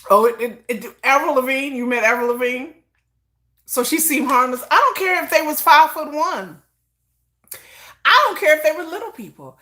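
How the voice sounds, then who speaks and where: A woman's voice: sits high, normal speed. A woman hosting a casual livestream, telling stories with lots of laughter and acted-out quotes. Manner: animated storytelling, acts out quotes, laughs often; self-described shy introvert. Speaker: livestream host. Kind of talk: casual chat.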